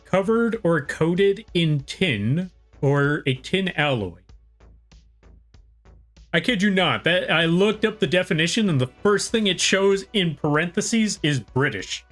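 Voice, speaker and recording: Sketching on a live stream, a young man from the United States talks off the cuff to his audience, drifting from idea to idea and making jokes at his own expense. He sounds animated yet unhurried, his pitch a touch high for a man, over gentle background music.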